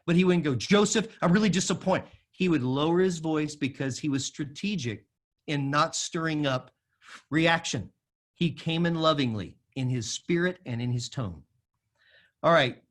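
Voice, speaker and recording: A man giving a sermon-style talk to a live audience, emphatic, at times dropping to a soft low voice and leading the audience in repeating phrases. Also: normal speed. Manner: emphatic, varies loudness widely, drops to a soft low voice for quoted lines. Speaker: speaker at a school of music forum.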